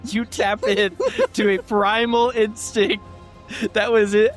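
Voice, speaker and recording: Easygoing male game master with a slightly high voice narrating a tabletop game, faint music underneath. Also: flat delivery, slow pace. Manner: casual, laughs often, says dude.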